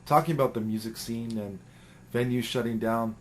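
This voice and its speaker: A man hosting an interview show, introducing his guest in a slow, relaxed way. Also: medium pitch, slight background noise. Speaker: radio show host.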